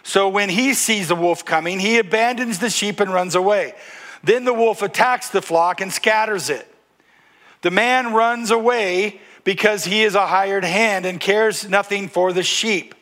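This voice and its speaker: A pastor with a high-pitched, fairly bright voice preaches at a measured pace, reading scripture aloud with emphasis. He keeps the congregation engaged by asking them to answer back.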